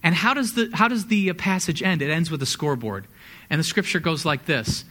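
Bright, high-voiced energetic male pastor. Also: brisk. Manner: conversational, energetic preaching with sports metaphors. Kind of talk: sermon.

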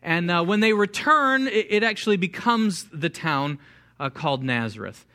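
An American man preaching a sermon in a relaxed, joking way, full of fillers and restarts. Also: sits high, normal speed. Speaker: pastor. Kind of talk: sermon with slides.

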